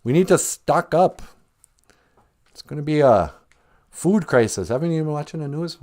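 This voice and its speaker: A scolding mother character in a told story, bossy and exasperated, as a man puts her on. She rattles off orders fast, and her voice swings up and down. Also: fairly high pitch, lively intonation, darkish tone, voice pushed up, lightly acted.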